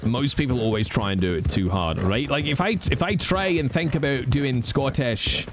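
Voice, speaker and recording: A male streamer casually explaining things to his viewers in a relaxed way. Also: mid-range voice, moderate pace, noisy background.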